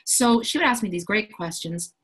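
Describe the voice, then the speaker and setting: A woman with a medium-pitched, somewhat bright voice, a breathy edge and lively intonation speaks at a moderate pace on a low-quality recording. She's an empowerment coach who founded a coaching school, and in this promotional explainer she describes her programs in an enthusiastic, self-assured, chatty way.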